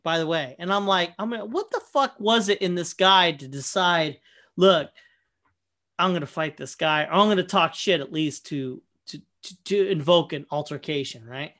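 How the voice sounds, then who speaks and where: A young man casually telling a profane, animated story, full of fillers and quoted asides. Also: fairly high pitch, moderate pace. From Michigan, USA. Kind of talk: casual anecdote chat.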